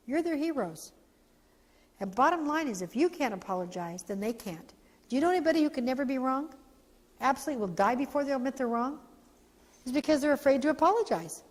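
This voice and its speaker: A woman, founder and parent trainer, giving a heartfelt training talk and acting out the voices in her story. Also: a little high. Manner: heartfelt, animated, acts out quotes. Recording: echoey hall.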